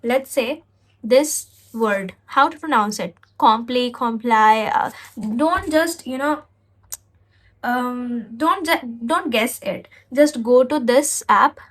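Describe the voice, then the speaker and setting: Woman, English tutorial host, unhurried delivery, self-correcting, reassuring. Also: high-pitched, rough recording. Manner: reassuring, often corrects herself mid-sentence; spells out words and demonstrates pronunciation. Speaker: English learning YouTuber. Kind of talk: casual tutorial vlog.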